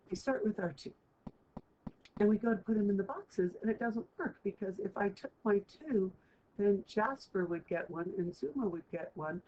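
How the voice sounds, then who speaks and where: A woman teacher walking students through a math lesson, chatty and checking in with them often. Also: lowish voice. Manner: chatty, keeps checking in with "right?". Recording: muffled lo-fi recording, faint hiss.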